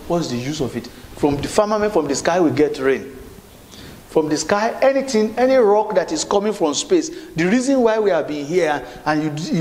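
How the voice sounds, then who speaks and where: A man's voice: a little high, darkish tone. A male pastor preaching a sermon, repeating phrases and calling for responses from the congregation. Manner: repetitive, call-and-response preaching with restarts. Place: church hall. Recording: echoey hall with faint room noise.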